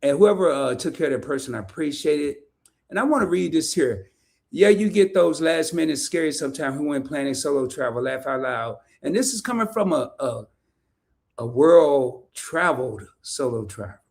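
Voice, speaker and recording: A man hosting a casual livestream interview, chatty and animated, laughing often as he reads comments. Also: fairly high pitch, normal speed, creaky. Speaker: podcast host. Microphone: streaming setup, remote call.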